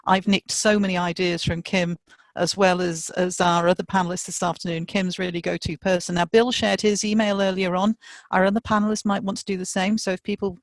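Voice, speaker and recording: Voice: mid-range voice, little pitch movement, a little fast, dry recording. A session chair, introducing panelists over a video call in a chatty, stumbling way. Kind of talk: conference moderating.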